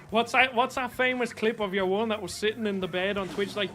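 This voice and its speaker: A man's voice: high-pitched, a little fast, few pauses, faint music behind. A young Irish man streaming a game, chatting casually, swearing freely and bursting out at the action. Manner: chatty, swears freely, excited outbursts during play. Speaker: gaming streamer. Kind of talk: casual gameplay chat.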